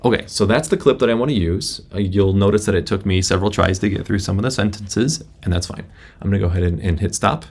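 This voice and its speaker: Creaky low-voiced man teaching software. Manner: casual, halting, many restarts. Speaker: instructor. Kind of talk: screen-recorded software tutorial. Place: indoor room at a laptop. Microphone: laptop built-in microphone.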